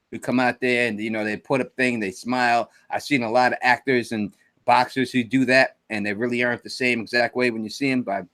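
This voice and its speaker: A man hosting a casual chat, telling animated stories and laughing often. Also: mid-range voice. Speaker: host.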